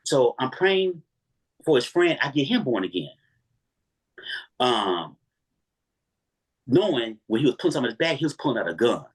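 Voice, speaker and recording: Male interview guest, husky, animated storyteller with a lively pitch. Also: normal speed, pauses often. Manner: animated, acts out every voice in his story.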